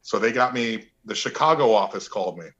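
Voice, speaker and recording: A man, an actor and interview guest, telling relaxed anecdotes and acting out quotes. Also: fairly low pitch, a little fast, muffled recording. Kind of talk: casual interview storytelling.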